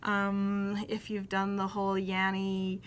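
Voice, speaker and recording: A woman co-hosting a casual knitting podcast, talking in a relaxed, hesitant way with many fillers. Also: medium pitch, slow, clear, resonant tone. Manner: chatty, hesitant with lots of ums. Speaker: podcast co-host. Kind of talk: casual chat.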